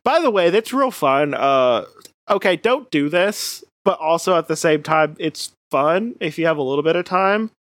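Woman, casual podcast chat, rambling, giggly, dark humor, dry sound. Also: deep voice, lively intonation, moderate pace, dry recording.

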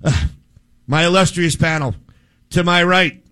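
A man hosting a sports radio show in casual chat, energetic and joking, rambling through introductions. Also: sits high, a little slow, clean tone.

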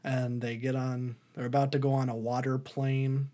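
A man's voice: mid-range voice, level tone, normal speed, warm tone. A man co-hosting a casual podcast, rambling through a movie recap with frequent laughs. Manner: rambling, laughing, breaks into put-on voices for quotes. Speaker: podcast co-host.

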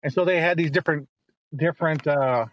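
A middle-aged man, the host's father, telling long rambling stories in casual chat and turning animated when he quotes others. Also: fairly high pitch, brisk, lo-fi sound.

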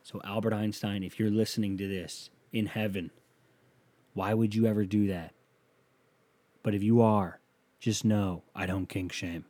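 A man rambles through a casual solo podcast, crude and joking at his own expense. His voice sits low and mellow. He is recorded close on a sensitive mic in a small, dry home studio. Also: fairly even intonation, unhurried, long pauses, no room sound. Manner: crude, rambling, self-mocking. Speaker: podcast host.

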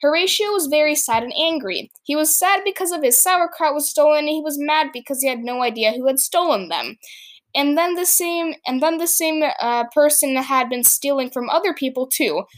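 Woman reading her story out loud, chatty asides, highish voice. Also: animated, moderate pace. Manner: laughs often, stops to comment. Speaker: story author reading aloud.

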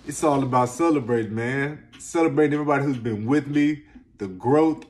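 Energetic slangy man, motivational vlog. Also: mid-range voice, brisk. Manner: energetic, slangy, emphatic, swings between loud and soft. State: close to tears at times. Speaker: self-help video host. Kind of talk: motivational casual talk to camera.

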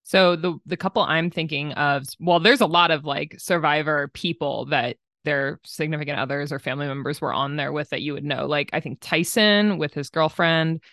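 A woman co-hosting a podcast, chatting in a brisk, playful way. Her voice is a touch low and sounds dry and close, with no room echo. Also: a bit bright. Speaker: podcast co-host. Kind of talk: casual chat.

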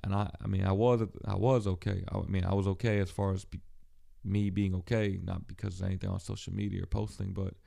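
A man hosting a podcast, talking alone in a halting, profane, emotionally raw way, with many restarts and fillers. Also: sits low, little pitch movement, creaky, warm tone. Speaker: podcast host. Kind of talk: personal solo monologue.

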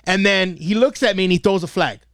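High-pitched, brisk and a bit bright, this man hosts a podcast from a studio and coaches youth football. The sound is clean with no echo as he delivers a comedic, curse-filled story, performing each quote along the way.

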